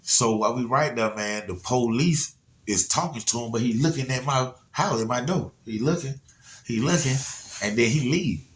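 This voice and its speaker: A man's voice: mid-range voice, moderate pace, a little hiss or hum. A man telling a story casually to viewers, rambling and laid-back, often checking in with "you know what I'm saying". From Atlanta area, USA.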